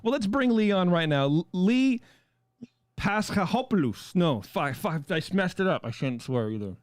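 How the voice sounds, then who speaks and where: A man's voice: sits high, lively intonation, normal speed, no room sound, clean studio sound. Rambling, joking man hosting a podcast. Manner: rambling, self-deprecating, joking. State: has a cold. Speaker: podcast host. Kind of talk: casual podcast chat.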